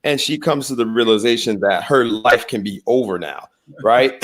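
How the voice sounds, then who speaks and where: A man's voice: mid-range voice, normal speed, fairly bright tone. A man hosting a casual chat, amused and chatty, setting up a video for listeners. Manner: amused, chatty, laughs easily. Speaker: host. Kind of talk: casual chat introducing a clip.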